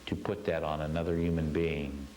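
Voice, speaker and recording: A man's voice: very deep voice, level tone, normal speed, warm tone, slight background noise, poor audio. A man teaching a spiritual class, telling a story earnestly and stressing his points with repeated phrases.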